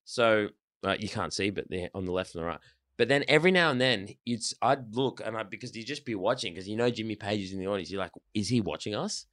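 Man, thirties, animated storyteller, swears a lot, dry close mic. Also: on the low side, quick pace, no room sound. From Australia. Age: 30s. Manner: animated, swearing, many restarts. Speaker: band member, guest. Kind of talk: casual storytelling.

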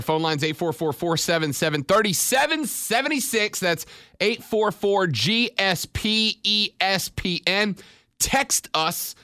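A man hosting a sports radio show, joking around and rattling off stats quickly at a studio mic. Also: fairly high pitch, bright, forceful tone, clear, resonant tone, no room sound. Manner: wisecracking, rattles off stats fast. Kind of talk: casual sports radio talk.

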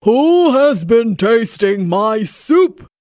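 A cross papa bear from a bedtime storybook, booming each question in a big, loud voice, as a woman narrator puts him on. The voice rises well above her usual tone and carries a slightly altered timbre. The recording is close and dry. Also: big pitch swings, extremely slow, no echo, exaggerated voice. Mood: indignant. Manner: booming cries.

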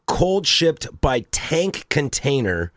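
A man's voice: on the high side, big pitch swings, slow pace, a bit bright, no echo. A man co-hosting a casual beer podcast, joking around, laughing often and slipping into playful silly voices. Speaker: podcast co-host.

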